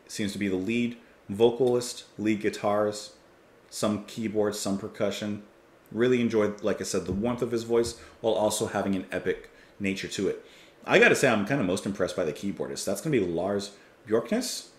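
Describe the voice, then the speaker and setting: A man's voice: fairly low pitch, expressive, normal speed. A man hosting a music reaction video, chatting enthusiastically and stumbling over names. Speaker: music reaction channel host. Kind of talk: casual reaction commentary. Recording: roomy echo.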